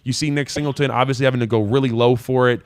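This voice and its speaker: A man's voice: medium pitch, rapid-fire, clear, resonant tone. Casual young man breaking down game film. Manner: casual, animated, voices players' thoughts. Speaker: host. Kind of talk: live call-in football film breakdown.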